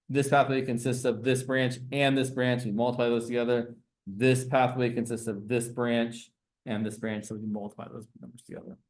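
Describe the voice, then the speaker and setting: Male teacher, classroom lecture, medium pitch, explanatory, self-correcting.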